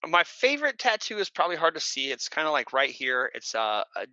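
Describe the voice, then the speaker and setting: A man's voice: big pitch swings, brisk, no room sound, dull audio. A man guest on a podcast telling stories casually, rambling with many fillers and restarts. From Oregon, USA. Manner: bursts into shrill shouted imitations. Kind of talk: casual storytelling.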